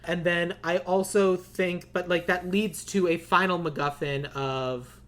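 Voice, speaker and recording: A woman co-hosting a podcast in casual chat, talking loosely and haltingly with frequent fillers. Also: on the low side, steady tone.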